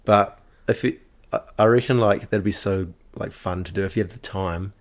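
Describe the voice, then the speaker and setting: A man's voice: on the low side, moderate pace. A young man, co-hosting a casual podcast chat, laughing often and swearing casually. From New Zealand. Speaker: podcast co-host.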